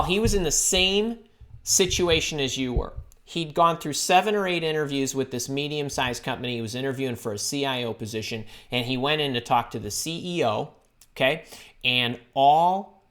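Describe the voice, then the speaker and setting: Energetic woman recruiter hosting a live Q&A. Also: deep voice. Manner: energetic, chatty, greets viewers by name. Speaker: recruiter and career coach. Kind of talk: live-stream Q&A with viewers.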